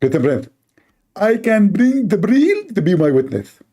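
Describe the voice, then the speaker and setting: Man doing a mocking debater caricature, shrill, indignant, high. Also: big pitch swings, fast talker, mellow. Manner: shrill, indignant, repeats the host's name.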